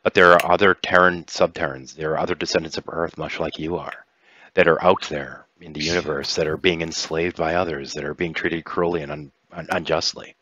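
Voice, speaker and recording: A man's voice: extremely low pitch, steady tone, pushed and bright, no room sound, full character voice. A man voicing Lady Kiva, earnest grave leader. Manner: earnest, persuasive, measured. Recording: dull dry lo-fi recording.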